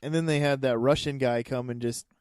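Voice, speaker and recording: A man's voice: mid-range voice, fairly even intonation, a little fast, a little mellow, smooth, no echo, studio quality. A man co-hosting a casual movie podcast, rambling through his thoughts with frequent restarts. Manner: rambling, restarts, laughs often. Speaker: podcast co-host.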